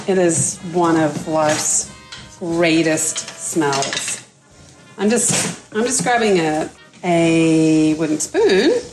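Slow-talking Australian woman cooking. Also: on the low side. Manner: relaxed, chatty, with fillers. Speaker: cookbook author and home cook. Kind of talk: casual cooking demonstration. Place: home kitchen.

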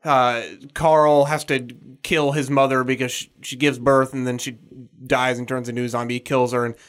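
Podcast co-host, casual chat, lively, laughing, cuts in often. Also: medium pitch, clear, resonant tone. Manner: lively, laughing, quick to jump in.

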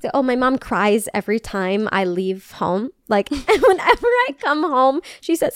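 A woman's voice: a little high, expressive, normal speed, few pauses, no echo, studio quality. A young woman co-hosting a podcast, chatting casually, laughing often and saying "like" a lot. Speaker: podcast co-host. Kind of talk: casual chat.

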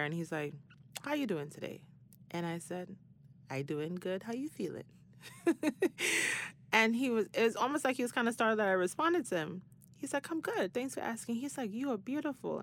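A woman's voice: lowish voice, slight background noise. A woman hosting a podcast, telling a story in a casual, slangy way and laughing often. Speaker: podcast host.

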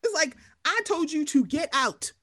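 Animated high-voiced woman ranting. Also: normal speed, dry recording, clean studio sound. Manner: profane, animated, acts out quoted voices. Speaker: podcast co-host. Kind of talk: casual reality-TV recap chat.

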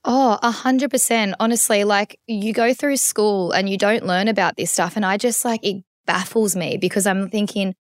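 A woman's voice: medium pitch, steady tone, moderate pace, few pauses, no room sound, studio quality. A woman, a guest in an interview, speaking candidly and with feeling, full of restarts and fillers. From Australia. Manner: candid and emotional, many restarts and "like"s. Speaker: podcast guest. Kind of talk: conversational interview.

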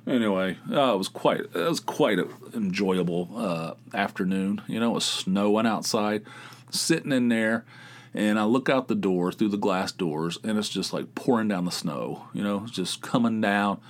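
A man with a fairly low voice talks through his week in a loose, meandering monologue. He swears casually and leans on filler words as he goes. It sounds like an unscripted solo podcast. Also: normal speed. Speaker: podcast host.

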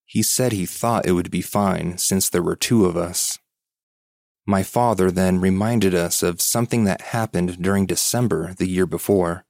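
A man hosting a podcast, reading a listener's ghost story aloud as scripted narration in a measured, suspenseful way. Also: sits low, creaky, darkish tone, no room sound.

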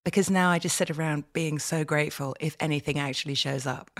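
A middle-aged woman chatting as a podcast guest, animated and quick to laugh. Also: low voice. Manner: animated, laughs often, breaks into playful impressions. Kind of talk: casual podcast chat.

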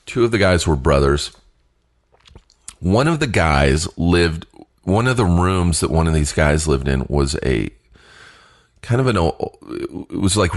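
A man with an extremely deep voice tells a personal story in a slow, unhurried way. He stops and starts, and laughs now and then between phrases. His nose is a little stuffed from allergies. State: sniffly from allergies. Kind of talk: casual spoken storytelling.

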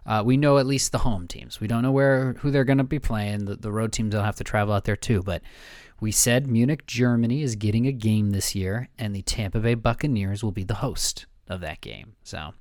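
A man's voice: fairly low pitch, moderate pace, darkish tone, no room sound, clean studio sound. Laid-back man hosting a sports podcast. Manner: easygoing, repeats words while thinking. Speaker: podcast co-host. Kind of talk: casual sports podcast chat.

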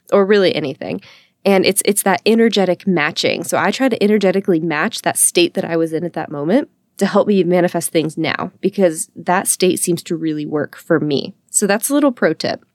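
A woman telling a personal story in a casual, chatty and animated way, laughing often as she talks. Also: on the low side, no room sound, studio quality. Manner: chatty, animated, acts out her own quotes; laughs often while talking.

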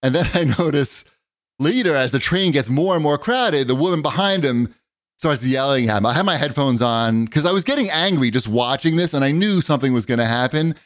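A man hosting a podcast, telling an animated story with plenty of swearing and acted-out quotes. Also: a little high, fairly quick. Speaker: podcast host. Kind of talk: casual chat, storytelling.

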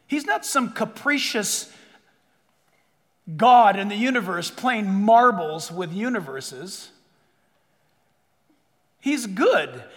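A man preaching a sermon as a pastor, animated and acting out quoted dialogue in different voices. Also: sits high, long reverb tail.

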